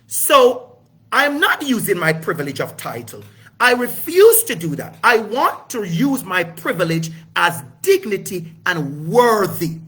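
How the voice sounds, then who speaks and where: A man's voice: high-pitched, big pitch swings, unhurried, pushed and bright, breathy edge. A middle-aged man giving an impassioned, preachy talk to camera, swearing freely and repeating lines for emphasis. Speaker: educator hosting his own video series.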